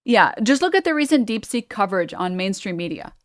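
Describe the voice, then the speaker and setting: A woman's voice: medium pitch, sing-song, brisk, dry recording, clean studio sound. A woman streamer giving a sarcastic, blunt commentary as she reacts to a video.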